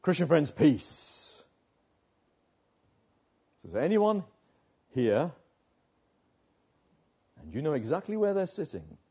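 A man's voice: a little high, wildly swooping pitch, slow pace, creaky, pauses often, mellow, breathy edge, muffled recording. An older man preaching a sermon as pastor, earnest, often asking rhetorical tag questions.

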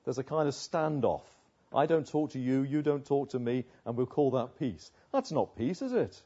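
A man's voice: mid-range voice, animated, normal speed, mellow, husky, lo-fi sound. An older man preaching a sermon as pastor, earnest, often asking rhetorical tag questions.

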